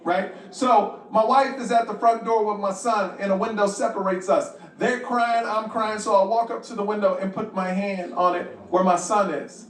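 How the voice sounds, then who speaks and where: High-voiced comedian, echoey and distant. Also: male voice, normal speed, few pauses. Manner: animated storytelling, acting out other people's voices, profane. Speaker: stand-up comedian. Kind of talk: stand-up comedy routine. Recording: roomy, distant and noisy.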